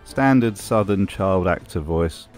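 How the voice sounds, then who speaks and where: A man's voice: deep voice, expressive, unhurried, a little mellow, soft background music. A man from Britain reading scripted commentary, with wry and mocking asides. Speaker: video essay host.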